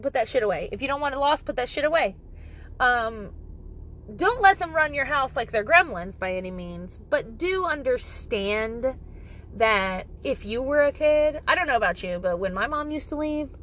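A woman's voice: on the high side, fairly bright tone, a little hiss or hum, rough recording. A woman talking casually to camera with parenting advice, blunt and profane, joking and exaggerating as she goes.

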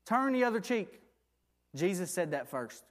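A man's voice: high voice, big pitch swings, measured pace. A man preaching a sermon, reading scripture aloud and asking the congregation for agreement.

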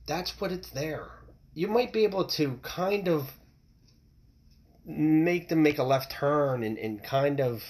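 Male podcast host, heated solo rant, blunt and profane, mid-range voice. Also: mid-range voice. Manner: blunt, heavy swearing, heated.

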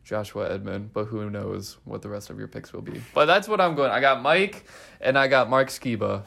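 A young man co-hosting a casual podcast chat, playful and animated, thinking out loud. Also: on the low side, moderate pace, vocal fry. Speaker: podcast co-host, resident assistant.

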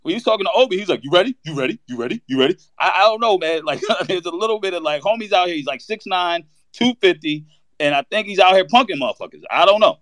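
A man on a casual sports talk panel, telling stories in an animated way full of slang. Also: high-pitched, fast, dry recording.

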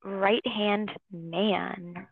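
A woman's voice: medium pitch, fairly even intonation, very slow, vocal fry, a crowd in the background. A young woman co-hosting a casual podcast, bluntly giving songs number ratings. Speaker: podcast co-host. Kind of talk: casual chat reviewing songs. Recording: tinny phone-like line.

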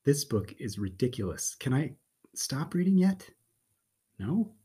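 A man's voice: medium pitch, sing-song, measured pace, dark tone, breathy edge. A man, a father and guest on a podcast, reading a picture book aloud in a playful, theatrical way.

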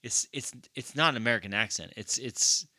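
A man's voice: medium pitch, lively intonation, fairly quick, bright, forceful tone, no echo, studio quality. A young man chatting casually about a movie as a podcast co-host, rambling with lots of fillers and swearing freely.

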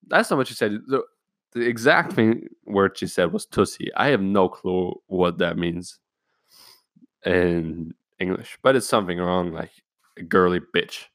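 A young man with a lowish voice rambling through a story, cursing freely and talking offhand. The sound is close and dry, with no room echo. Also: measured pace, fairly bright tone. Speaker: vlogger. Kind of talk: casual storytelling.

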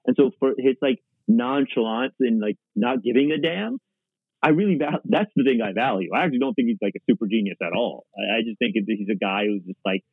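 Man, podcast guest, husky voice, tinny phone-like sound, rambling with fillers. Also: medium pitch, a little fast, no room sound. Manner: rambling, heavy use of "like", restarts often. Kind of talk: casual conversation.

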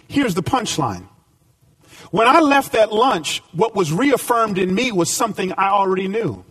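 A man preaching a sermon as pastor, climbing to emphatic points and dropping to a quiet storytelling tone. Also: sits high, lively intonation, normal speed, slightly rough, no echo, far from the mic.

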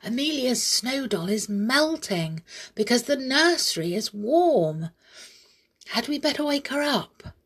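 A woman voicing a kindly, fair-minded teddy bear in a storybook, speaking slowly with a creaky, husky voice. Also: on the high side, very animated, pitched above the performer's own voice, exaggerated voice. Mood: worried.

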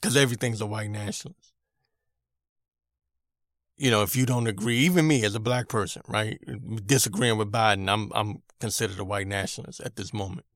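A man's voice: fairly low pitch, fairly quick, a bit bright, dry recording. Irritated man ranting in a dry room. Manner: irritated, emphatic, repeats himself. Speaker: podcast host. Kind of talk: opinion rant monologue.

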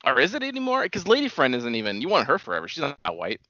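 A young man with a bright, bouncy voice needles his buddy with crude, teasing jokes. His voice rises and falls freely, recorded dry and slightly dull. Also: fairly high pitch, wildly swooping pitch, fast, no room sound. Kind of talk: crude casual banter.

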